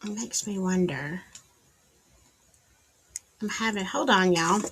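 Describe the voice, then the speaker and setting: A livestream host with a Southern US accent chats casually, greeting viewers by name and tossing out sassy asides. Her mid-range voice is a bit bright and slightly rough, and she takes it slowly, using a wired-in streaming setup.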